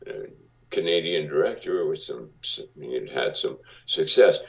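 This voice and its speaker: A man from Cuba, a guest on an interview show, telling anecdotes in a lively way and acting out what people said. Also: a bass voice, normal speed, gravelly. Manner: animated, acts out quotes. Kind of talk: casual interview storytelling. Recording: distant, dull lo-fi audio.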